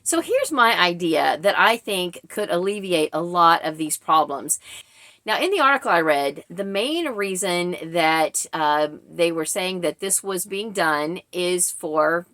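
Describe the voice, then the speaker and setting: A woman's voice: fairly low pitch, animated, measured pace, a bit bright, no room sound. Chatty woman in her forties, dry sound. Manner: chatty, explanatory, with frequent fillers. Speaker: book reviewer. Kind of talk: casual vlog commentary.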